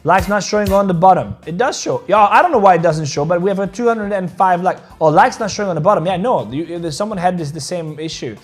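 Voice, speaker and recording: A man's voice: high-pitched, animated, fast, few pauses, breathy edge, faint music behind. A man hosting a crypto trading livestream, rambling casually, swearing freely and joking with viewers about their likes. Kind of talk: casual livestream chat, reading viewer comments.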